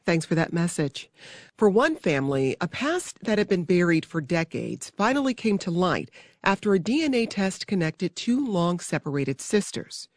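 Radio host, public radio interview, measured, clear, inviting, dry close sound. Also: medium pitch, sing-song, dry recording.

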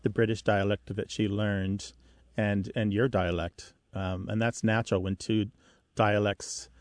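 A man's voice: lowish voice, little pitch movement, measured pace, no room sound, clean studio sound. A man co-hosting a call-in radio show about language, patiently explaining dialect differences with vivid comparisons. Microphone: studio mic.

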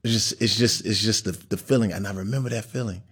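Man, pro athlete guest, halting delivery, very deep voice. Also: fairly bright tone, husky. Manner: halting, repeats phrases. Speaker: guest, pro football player. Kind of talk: candid interview answers.

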